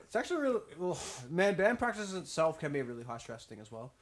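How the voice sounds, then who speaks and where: Man, host, quick talker, slightly high voice, animated storytelling, swears a lot. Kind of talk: casual chat.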